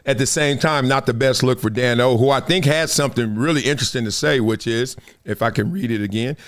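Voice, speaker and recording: A man's voice: a little high, a little fast, hardly any pauses. A man hosting a live sports talk show, telling stories in casual slang, laughing often and slipping into other people's voices. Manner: animated, storytelling, slips into voices of others.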